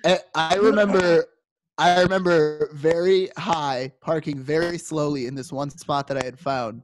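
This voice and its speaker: A man's voice: a little high, steady tone, unhurried. A man co-hosting a podcast, telling a story in a casual way and acting out quoted dialogue with animation. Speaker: podcast co-host.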